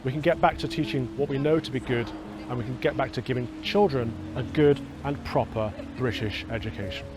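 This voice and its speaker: A man's voice: medium pitch, brisk. A man presenting a documentary in a scripted, earnest and persuasive way. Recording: music bed beneath the voice.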